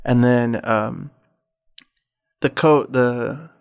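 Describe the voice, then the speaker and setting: A man's voice: medium pitch, steady tone, very slow, gravelly, clean tone. Rambling, profane male podcast host. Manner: rambling, profane retelling full of "like". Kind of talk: casual chat.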